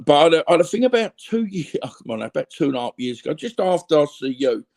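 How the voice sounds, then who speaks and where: A man's voice: on the high side, big pitch swings, quick pace, gravelly, darkish tone. A middle-aged Cockney man telling blunt, rambling stories as an interview guest, full of fillers and repeats. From London, England. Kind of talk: candid conversational storytelling.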